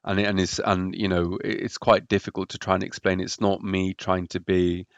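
Deep-voiced man, hesitant and halting. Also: little pitch movement, no room sound, muffled recording. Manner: hesitant, repeats words while searching. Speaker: podcast guest. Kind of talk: personal story in a podcast interview.

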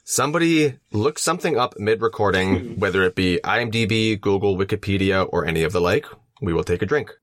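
A man's voice: low voice, fairly quick, a bit bright, no room sound, clean studio sound. Man reading rules in a put-on Australian accent. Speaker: podcast co-host. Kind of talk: casual chat, reading rules aloud.

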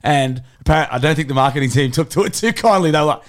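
A young man co-hosting a podcast, talking in a rambling, excitable way full of fillers. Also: on the high side, quick pace. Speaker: podcast co-host. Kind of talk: casual chat.

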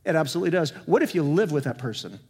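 A male senior pastor preaching a sermon, asking the congregation questions and moving between emphatic and soft delivery. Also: on the high side, big pitch swings, very fast, slightly rough. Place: church sanctuary. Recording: long hall reverb.

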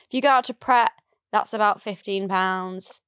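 A woman with a mid-pitched voice talks animatedly in casual chat with her co-host. Her voice is close and dry, with no trace of the room. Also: moderate pace, smooth, no echo. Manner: animated, chatty. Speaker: podcast co-host. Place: indoor studio room.

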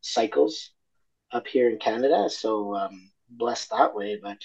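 A man from Argentina talks through his experiences in a candid interview, reflective and open, often restarting his sentences. His voice sits in an ordinary middle pitch. The recording sounds slightly dull and lo-fi. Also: animated, a little slow, gravelly, darkish tone. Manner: reflective, honest, many fillers and restarts. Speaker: interview guest.

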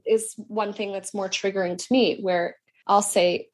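Woman, thirties, husky voice, measured, reflective, casual podcast talk. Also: mid-range voice, level tone. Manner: reflective, measured, speaks in long explanations. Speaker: podcast guest, daughter and teacher. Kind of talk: casual conversation.

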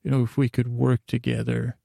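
A man playing an eager entertainer chasing a circus dream, stammering, gravelly low-key voice. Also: flat delivery, a little fast, warm tone, dry recording, clean studio sound. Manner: stammering, rambling.

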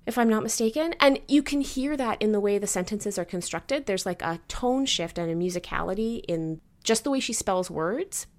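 A woman co-hosting a casual book discussion, chatty and animated, laughing often and filling her talk with "like". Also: medium pitch, moderate pace, hardly any pauses. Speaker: book podcast co-host.

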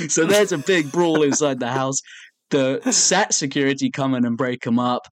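Young male podcast co-host, animated sweary storyteller, average pitch, dry close mic. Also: unhurried, dry recording. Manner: animated storytelling, swears a lot, acts out quotes. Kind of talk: casual chat.

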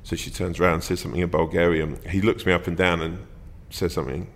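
A man's voice: low-pitched, flat delivery, fast talker, big-room sound. A man, a comedian guest in a casual chat, telling anecdotes, swearing freely and laughing through them. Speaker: comedian and actor, podcast guest.

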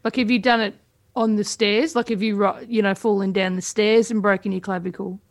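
A woman, a comedian guest on a quiz podcast, hesitant and deadpan with lots of ums. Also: medium pitch, brisk.

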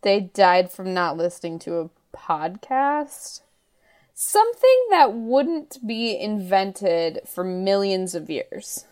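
A woman's voice: mid-range voice, very animated, slow pace, a little mellow. A woman hosting a podcast, explaining the game and chatting with easy laughs. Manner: laughs easily, matter-of-fact answers. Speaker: podcast host. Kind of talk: casual podcast chat.

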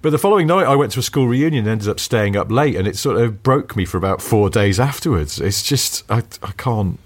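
A middle-aged man, talking casually as a podcast co-host. His voice sits very low and has a husky grain. He tells stories with lively jumps in pitch and frequent chuckles. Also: fairly quick. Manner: animated storyteller, chuckling, pitch jumping up when excited. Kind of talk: casual chat.

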